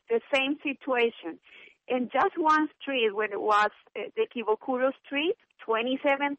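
A woman from Colombia with a Colombian Spanish accent, earnestly giving personal testimony in a radio interview in halting, non-native English. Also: on the high side, a bit bright, no echo, muffled recording. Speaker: interview guest.

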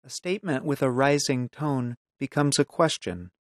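A calm teacher explains grammar in plain, measured sentences. The pitch sits in the middle range. The sound is dry and close to the microphone. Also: no echo. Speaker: language teacher. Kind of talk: instructional explanation.

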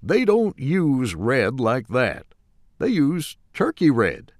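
A man reading a story, voicing a stubborn, calm male upholsterer in a much higher, louder voice. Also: slow, dry recording, studio quality. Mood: insistent. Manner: insistent, high and loud.

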